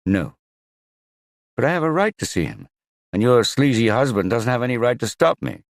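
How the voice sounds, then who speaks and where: A man's voice: low voice, very animated, moderate pace, vocal fry, dry recording, studio quality, pitched above the performer's own voice, exaggerated voice. A man voicing a troubled father who pleads insistently to see his son, in an audiobook. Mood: desperate.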